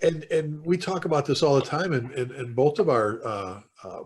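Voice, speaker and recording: An older man, a fire chief, talking as a podcast guest and telling stories in an animated, conversational way. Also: medium pitch, husky. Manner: animated, quickly quotes people in stories. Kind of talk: conversational storytelling.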